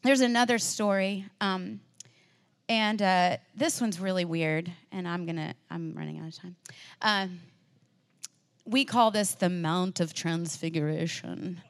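A woman preaching a sermon in a casual, chatty storytelling way. She shifts between loud, emphatic declarations and quiet, offhand asides. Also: on the low side, fairly even intonation, a little slow. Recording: long reverb, as in a large hall.

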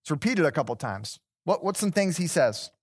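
A man leads a Bible class in a relaxed, conversational way, his voice sitting a little high. He stumbles over repeated words and keeps turning questions back to the listeners. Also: normal speed, slightly rough. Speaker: Bible study teacher. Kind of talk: interactive Bible class teaching.

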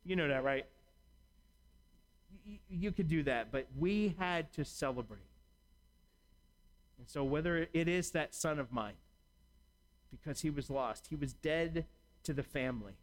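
A man's voice: on the high side, expressive, a little slow, pauses often, low-quality recording. A man preaching a sermon in a conversational way, acting out imagined dialogue as he talks. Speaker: pastor.

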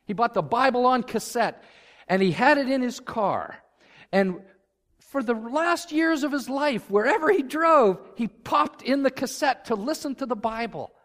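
A man's voice: very high-pitched, animated, unhurried, a bit bright. A man preaching a sermon as pastor, earnest and building to fervent emphasis. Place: church sanctuary. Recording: long reverb of a church hall.

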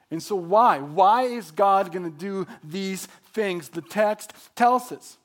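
A man's voice: sits high, takes it slowly, few pauses. A man preaching a sermon as pastor, emphatic, building his points through repetition.

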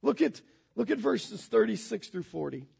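Raspy, high-voiced preacher man. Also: big pitch swings, moderate pace. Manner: emphatic, rising to near shouts. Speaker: pastor. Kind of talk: sermon.

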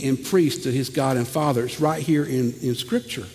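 Animated preacher in an echoing hall. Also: male voice, medium pitch, moderate pace, few pauses. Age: 40s. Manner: animated, repeats words, swings from loud to hushed. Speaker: pastor. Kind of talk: sermon.

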